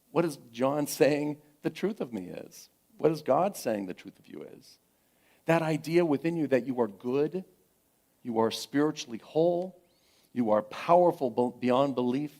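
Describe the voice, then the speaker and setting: A middle-aged man, a pastor giving a sermon at a spiritual center, speaking gently with encouraging repetition and frequent pauses. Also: mid-range voice.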